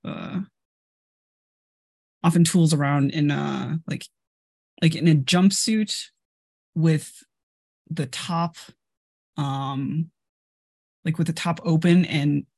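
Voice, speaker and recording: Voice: medium pitch, vocal fry, a little mellow. A player describing their character in a tabletop game, hesitant and full of filler words. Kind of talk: tabletop role-play chat.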